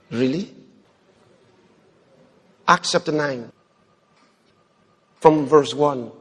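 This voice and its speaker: Animated high-voiced preacher in a reverberant hall. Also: male voice, slightly rough. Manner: animated, swings from shouting to low murmurs, acts out prayers. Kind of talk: sermon.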